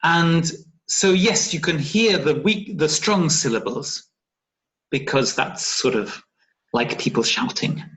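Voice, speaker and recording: A man's voice: fairly high pitch, lively intonation, slow, a bit bright. A man teaching an online phonetics lesson, speaking patiently and often checking understanding with a questioning "yeah?". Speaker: English teacher. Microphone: video call. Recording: dull lo-fi video call audio.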